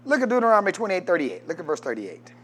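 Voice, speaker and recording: A man preaching a sermon, reading scripture and rising into shouted call-and-response with the congregation. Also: sits high, huge pitch swings, rapid-fire.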